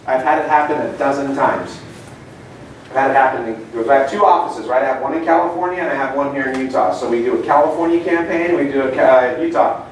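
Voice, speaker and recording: A chatty man talks to a live seminar audience, spinning casual stories and tossing questions at the room. His voice sits a touch high and comes from some distance off the mic. A big, echoey room and a faint hiss hang around every word. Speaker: seminar speaker. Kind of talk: live seminar talk with anecdotes. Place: meeting room.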